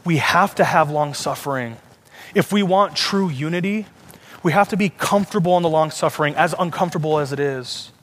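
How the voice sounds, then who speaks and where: A young man preaches to his church, telling a personal story with an earnest, heartfelt tone. His words come quickly, tumbling out one after another, and his voice sits a little on the high side. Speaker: student pastor. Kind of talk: sermon.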